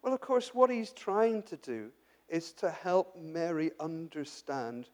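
A man's voice: on the high side, sing-song, takes it slowly, a little mellow. A man preaching a sermon, talking to the congregation in a chatty way, with rhetorical questions and frequent restarts. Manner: addresses the congregation directly. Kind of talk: sermon, Bible exposition.

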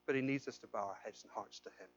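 A man's voice: mid-range voice, quick pace, dull audio. A man preaching a sermon as pastor, pleading with the congregation and asking them questions, with repeated and restarted phrases. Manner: impassioned, swings from loud pleading to quiet intensity.

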